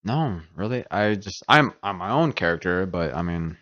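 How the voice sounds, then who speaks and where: Man, podcast guest, fairly low voice, joking, dry slightly muffled studio sound. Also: expressive, moderate pace, sharp tone, no room sound. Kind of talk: casual chat.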